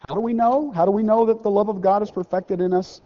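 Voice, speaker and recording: In a church sanctuary, a male pastor with a lively, fairly high voice delivers a sermon conversationally, slowing down and rising in pitch for scripture readings and tossing in self-deprecating asides. The sound is dull and slightly muffled, with long hall reverb.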